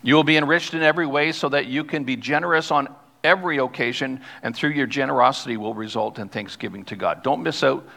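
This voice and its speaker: Bright-voiced pastor preaching in a reverberant church. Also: male voice, mid-range voice, vocal fry. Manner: emphatic, slows down to stress key words; reads scripture aloud, then explains it. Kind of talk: sermon. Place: church sanctuary. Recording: long hall reverb.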